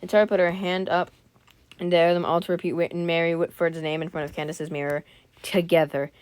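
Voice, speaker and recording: Read like a woman sharing a spooky story with her viewers, voice set a little low for a woman, the sound dry and close with no room around it. She keeps breaking off mid-sentence for jokes and quick apologies, then drops back into the story. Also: level tone, a little mellow, clear, resonant tone, no echo. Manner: breaks off reading to joke, comment and apologize. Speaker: channel host reading a scary story aloud. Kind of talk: casual read-aloud with chatty asides.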